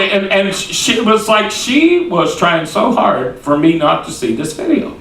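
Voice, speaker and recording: A man's voice: high-pitched, big pitch swings, unhurried, fairly bright tone. A man preaching a sermon, telling a story in a folksy way and acting out what people said. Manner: folksy, repeats "he said" while acting out quoted voices. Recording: echoey room, distant mic.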